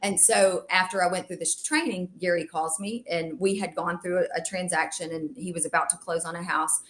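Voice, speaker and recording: Animated woman telling stories as a guest. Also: lowish voice, brisk. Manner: animated, self-described extreme extrovert, acts out dialogue. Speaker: real estate agent, podcast guest. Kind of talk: casual interview storytelling.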